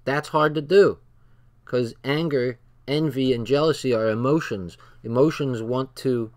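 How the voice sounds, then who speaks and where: A man's voice: medium pitch, measured pace, darkish tone. A man hosting his channel, reading from a text and commenting on it in a blunt, profane, casual way, with stories from his own life. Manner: blunt and profane, talks straight from personal stories.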